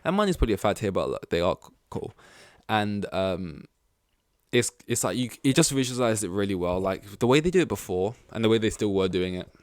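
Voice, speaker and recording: A podcast host chats casually, rambling along with plenty of filler words and swearing. His voice sits on the low side and sounds resonant and clear, delivered fairly quickly and with animation. The recording is studio quality with no room sound.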